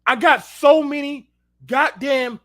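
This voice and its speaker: A man's voice: very high-pitched, slow pace, sharp tone. A man hosting an unfiltered talk show, telling heated, profanity-laced stories and speaking directly to his listeners. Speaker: show host. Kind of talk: unfiltered casual rant.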